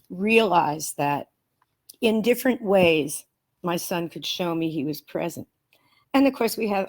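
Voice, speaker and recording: A woman guest in a studio interview, telling a personal story in an earnest, animated way and often restarting her sentences. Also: on the low side. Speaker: guest, author and researcher.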